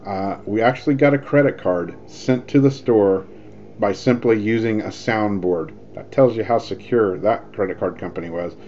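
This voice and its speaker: A man casually telling a story on his vlog, rambling and animated as he acts out the quoted lines. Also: fairly low pitch, moderate pace. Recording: dull lo-fi sound with faint noise.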